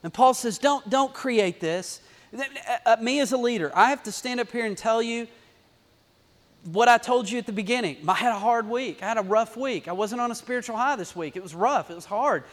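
A man's voice: extremely high pitch, a bit bright. A male pastor preaching a sermon, talking animatedly, repeating phrases and building to emphatic bursts. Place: church sanctuary. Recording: long hall reverb.

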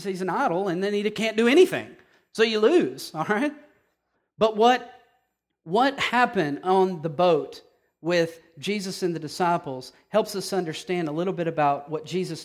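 A man with a notably high voice preaches in an animated, conversational way. He keeps checking in with his listeners by asking "okay?". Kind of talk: sermon.

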